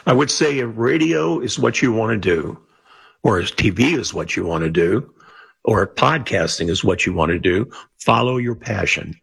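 A man's voice: fairly low pitch, lively intonation, moderate pace, gravelly, fairly bright tone, slightly rough. An older man who is a guest on a radio talk show, speaking in a plainspoken, earnest way and repeating points for emphasis. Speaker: radio guest, former network radio executive. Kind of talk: casual radio interview.

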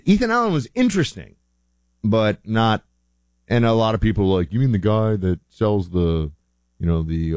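A man's voice: deep voice, darkish tone, no room sound. A man hosting a show, talking in a rambling, chatty way and often correcting himself. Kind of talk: casual monologue.

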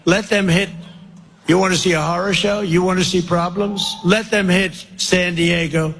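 High-pitched male politician, boastful rambling speech, light noise underneath. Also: steady tone, moderate pace, a bit bright, long reverb tail. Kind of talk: campaign speech.

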